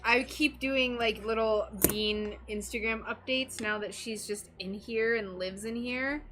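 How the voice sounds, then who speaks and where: A woman's voice: on the high side, steady tone, unhurried, noisy background. A woman chatting casually with her live-stream audience while crafting, giggly and talking to her pet. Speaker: stained glass streamer.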